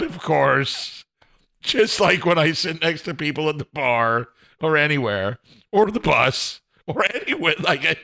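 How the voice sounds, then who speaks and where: A man with a bright, forward voice and a somewhat high pitch for a man hosts a solo podcast from home. He rambles, laughs at his own jokes and trails off mid-thought, with a loose, self-mocking delivery. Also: vocal fry. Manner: self-deprecating, chuckles often, trails off and restarts. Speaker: podcast host. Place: home, indoors.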